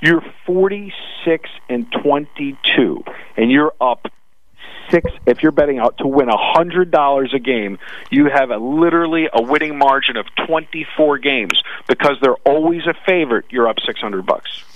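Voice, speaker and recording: A man with a Brooklyn accent analyzing sports betting odds on a radio talk show, talking fast with frequent restarts. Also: mid-range voice, no echo, highs cut off. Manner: rapid with frequent restarts, "listen".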